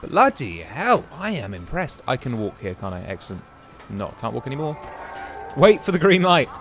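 With music playing in the background, this man narrates his video game session in a chatty, exclamation-heavy way, thinking out loud as he goes. He's a gaming YouTuber whose medium-pitched voice is very animated at a moderate speed.

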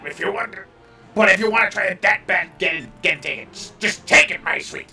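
A man voicing a blustering old pirate captain, growling his lines in gruff pirate talk. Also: sits high, brisk, bright, forceful tone, roomy sound, distant mic, faint music behind, pitched below the performer's own voice, full character voice. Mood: gloating.

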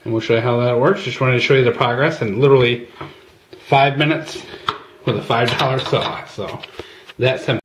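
A chatty man talks viewers through a hands-on job in a relaxed, informal way, with plenty of fillers. His voice sits at an ordinary pitch and carries a noticeable echo, with faint ambient noise behind him. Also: normal speed. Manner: chatty, addresses viewers as guys, many fillers. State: out of breath at times. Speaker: channel host. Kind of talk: casual how-to demonstration. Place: outdoors at a workbench.

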